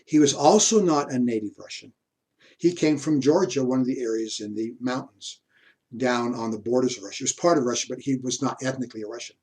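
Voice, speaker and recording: A man giving a university history lecture, unhurried, pausing mid-sentence and adding asides. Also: mid-range voice, a little mellow.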